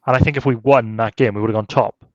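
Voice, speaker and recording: A man's voice: fairly low pitch, steady tone, fast, no echo. A man co-hosting a football podcast, rambling casually with lots of fillers and tag questions. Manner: chatty, rambling, heavy use of "like" and tag questions. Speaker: podcast co-host. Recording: slightly dull lo-fi sound.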